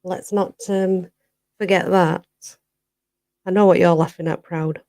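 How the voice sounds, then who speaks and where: A woman from Barnsley with a Yorkshire accent, hosting a relaxed live chat and answering viewers, who says "you know" again and again. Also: fairly low pitch, measured pace. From Barnsley, Yorkshire, England. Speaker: livestream host.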